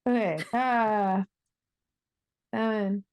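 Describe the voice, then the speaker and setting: A woman's voice: mid-range voice, fairly even intonation, extremely slow, darkish tone, slight background noise. Chatty woman playing a tabletop game. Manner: chatty, thinks aloud while counting dice. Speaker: player. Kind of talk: casual tabletop play.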